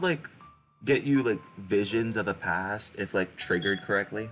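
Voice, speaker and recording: Lively young man with a low voice. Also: moderate pace, soft background music. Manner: casual, musing, chuckling asides. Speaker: game streamer. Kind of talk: reading a visual novel aloud with commentary.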